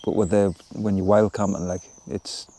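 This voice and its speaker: Relaxed man chatting outdoors. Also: low-pitched, normal speed, slight background noise. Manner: relaxed, chatty, rambling with fillers. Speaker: vlogger. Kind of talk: casual outdoor vlog talk. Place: outdoors at a woodland wild camp. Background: birds and woodland ambience.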